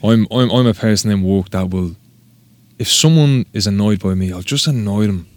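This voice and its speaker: Irish guy, low voice, rambles and swears a lot, dry close sound. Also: moderate pace, darkish tone, no echo. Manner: rambling, sweary, self-mocking. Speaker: tattoo artist guest. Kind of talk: casual podcast conversation.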